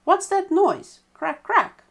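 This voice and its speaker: A woman voicing a wicked, shapeshifting male badger who taunts loudly in a storybook tale. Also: very high-pitched, very animated, slow, gravelly, pitched above the performer's own voice, heavily acted. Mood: wary. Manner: loud, jeering taunts.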